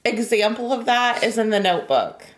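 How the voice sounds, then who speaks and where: A woman's voice: fairly high pitch, lively intonation, normal speed, a little hiss or hum. Easygoing woman, reaction co-host. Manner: easygoing, laughs often, short agreeing replies. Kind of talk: casual reaction chat.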